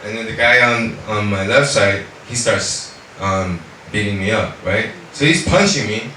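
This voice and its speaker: Bright-voiced man telling a testimony in an echoey room. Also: lowish voice, a little slow. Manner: animated storytelling, heavy on fillers like "you know"; switches into Korean at times. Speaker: speaker giving a testimony. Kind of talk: personal faith testimony. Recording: echoey room, mic far off, faint noise.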